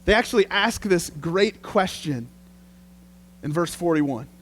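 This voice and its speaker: Pastor guy w/ a high-ish voice, chatty lively sermon storytelling. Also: unhurried, slight background noise.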